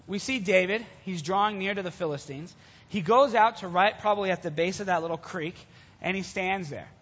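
A man gives a sermon to young listeners in a loose, storytelling manner, his voice high and husky. The recording is dull and carries the long reverb of a big hall. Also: fairly bright tone. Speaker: youth preacher. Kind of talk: sermon retelling a Bible story.

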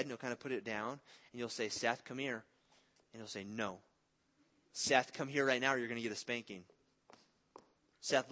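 A man's voice: medium pitch, a bit bright. A man in his thirties preaching a sermon in an earnest, conversational way, mixing in stories about his family. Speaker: pastor.

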